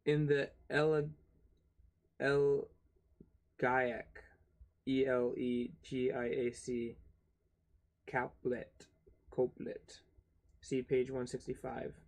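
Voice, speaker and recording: A young man reads a textbook aloud at a slow, unhurried pace, his voice sitting at an ordinary middle pitch. He trips over unfamiliar terms, spells them out letter by letter, and breaks off into grumbling, cursing asides. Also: flat delivery, gravelly, darkish tone. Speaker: channel host reading a book aloud. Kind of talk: casual read-aloud with asides.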